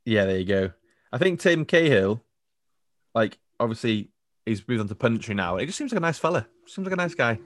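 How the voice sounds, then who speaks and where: A man's voice: medium pitch, very animated, brisk, no room sound. A man co-hosting a podcast, chatting casually about football, laughing often and trailing off into fillers. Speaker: podcast co-host. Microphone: remote video call.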